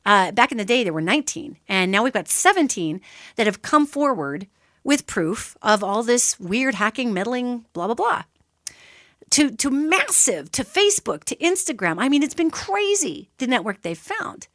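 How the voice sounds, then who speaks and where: A woman's voice: a little high, normal speed, no echo, clean studio sound. A woman hosting a solo radio talk show, explaining ideas in an emphatic, conversational way and addressing listeners directly. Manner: animated, emphatic, conversational teaching.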